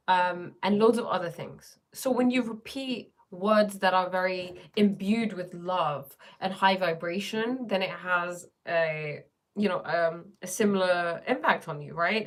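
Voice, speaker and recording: Woman, livestream host, slightly low voice, casual, rambling, filler-heavy. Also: a little slow. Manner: chatty and rambling, many fillers, reads viewer comments aloud.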